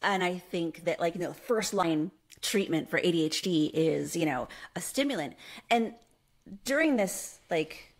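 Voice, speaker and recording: A woman chatting as a podcast guest, rambling from thought to thought in quick bursts, her pitch jumping up when excited. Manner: animated, expressive pitch jumps. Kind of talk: casual conversational interview.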